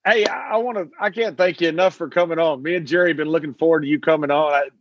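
A man co-hosting a casual chat, telling stories with animation and frequent laughs. His voice sits a little higher than most men's. The sound is dry and slightly dull, as if lo-fi. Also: fast talker, dry recording. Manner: animated storyteller who laughs often. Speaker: podcast co-host.

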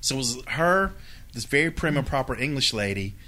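A man who is a guest on a chat podcast, jokey and quick to laugh as he tells stories. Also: medium pitch. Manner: animated, jokey, laughs often. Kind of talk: casual chat.

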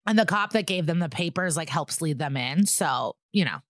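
A woman's voice: deep voice, moderate pace, dry recording. Brief: woman podcast host recapping TV, frank and swearing, dry close sound. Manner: chatty, profane, animated retelling. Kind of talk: casual episode recap.

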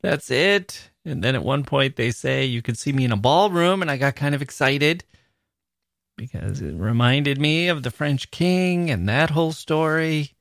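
A man's voice: a little high, expressive, moderate pace, vocal fry, fairly bright tone, no echo, studio quality. A man hosting a literature podcast, talking casually in a wry, mockingly disappointed way. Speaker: podcast host.

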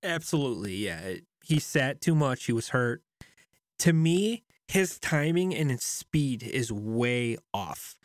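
A man co-hosting a casual podcast, telling stories in an animated way and quick to laugh. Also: medium pitch, no room sound, studio quality. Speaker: podcast co-host. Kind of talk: casual hockey podcast chat.

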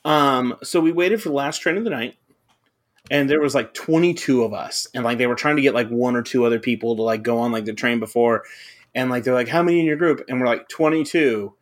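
Young adult male podcast co-host, mid-pitched, loose and profane, rambling storyteller. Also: fairly quick. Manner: rambling anecdote-telling, heavy on fillers and swearing. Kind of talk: casual chat.

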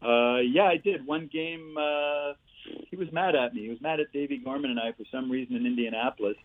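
A man's voice: mid-range voice, a little fast. Man telling hockey stories over phone. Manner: animated anecdotes with laughs and "eh" tags. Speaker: guest, former player and coach. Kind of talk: storytelling interview. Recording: tinny phone-like line.

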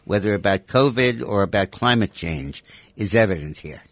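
Low-ish guy on talk radio, emphatic, keeps hammering the same demand, dry close sound. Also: expressive, moderate pace, no echo. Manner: emphatic, piles up repeated rhetorical demands. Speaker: radio talk show guest commentator.

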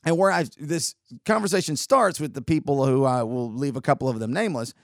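A man hosting a show, telling a story in a sarcastic, animated way with quick asides. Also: mid-range voice, no room sound, studio quality. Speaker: podcast host. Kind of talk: casual storytelling monologue.

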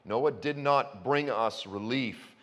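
A man in his fifties preaching a sermon, telling stories with self-mocking humor and breaking into sudden high outbursts. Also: slow, fairly bright tone. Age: 50s. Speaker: pastor. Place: church sanctuary. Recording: long reverb of a church hall.

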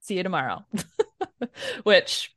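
A woman co-hosting a casual book club podcast, recapping chapters in an animated way and swearing freely. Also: medium pitch, takes it slowly, no echo, studio quality. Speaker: podcast co-host.

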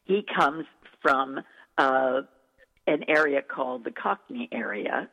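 A woman's voice: sits low, animated, slow pace, creaky, sharp tone. A woman dialect coach telling stories in an interview, effusive and enthusiastic. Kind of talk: interview storytelling. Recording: echoey, tinny phone-like recording.

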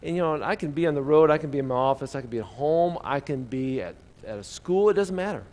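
A man preaching a sermon in a relaxed, conversational storytelling way, often asking his listeners questions. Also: on the high side, fast talker.

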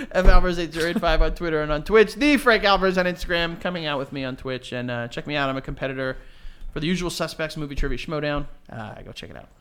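High-pitched guy co-hosting a podcast, jokey and rambly, laughs a lot. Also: expressive, fast talker, fairly bright tone, smooth. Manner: joking, rambling, laughs often. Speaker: podcast co-host. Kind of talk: casual chat.

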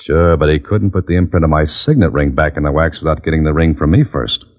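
A deep-voiced wisecracking hero. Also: male voice, steady tone, quick pace. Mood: confident. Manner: dry, wisecracking. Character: wisecracking male adventurer, narrator and hero. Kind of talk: 1940s radio acting. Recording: dull old radio recording.

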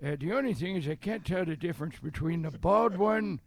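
A man putting on a gravelly rambling old man. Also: fairly high pitch, lively intonation, a little fast, very noisy, voice pushed up. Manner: stammering, meandering storytelling.

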